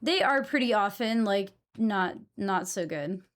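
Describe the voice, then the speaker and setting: A woman's voice: medium pitch, lively intonation, unhurried. A young woman from New England chatting casually with her live stream audience, blunt and given to swearing.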